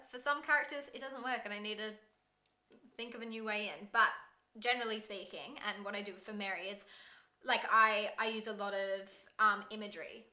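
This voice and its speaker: A woman's voice: medium pitch, pushed and bright. A woman chatting casually, saying "like" often and laughing easily. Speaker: singer and performer. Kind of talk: casual chat. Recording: roomy echo.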